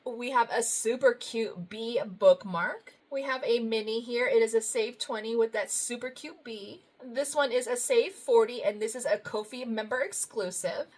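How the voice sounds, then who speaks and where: A woman with a fairly high voice chats through her happy mail like a budgeting vlogger talking to friends. She gushes over every card, thanks each sender warmly, and laughs softly as she goes. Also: normal speed, hardly any pauses. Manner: gushing, effusive, lots of thank-yous and soft laughs. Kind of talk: casual vlog, opening happy mail.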